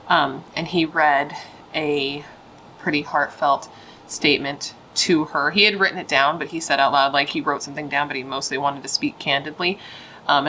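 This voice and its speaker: Woman, low bright voice, chatty true-crime host, blunt opinionated asides. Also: slight background noise, rough recording. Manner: chatty and opinionated, with frequent "like" fillers. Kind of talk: casual true-crime storytelling.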